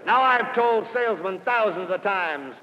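An older man giving a motivational speech to salespeople, telling an anecdote and building to loud emphatic peaks before dropping quiet again. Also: sits high, lively intonation, normal speed, slight background noise. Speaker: sales speaker. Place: lecture hall. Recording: old lo-fi recording in a large hall.

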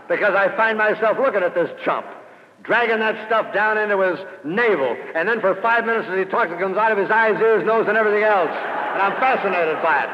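A middle-aged man gives a story-driven speech to a room full of salespeople, firing off sharp rhetorical questions. The recording sounds dull and dated, like an old radio broadcast. His voice carries a long hall reverb. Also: sits high, fairly quick, slight background noise. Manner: emphatic, punchy rhetorical questions. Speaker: sales speaker. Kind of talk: anecdotal speech to an audience.

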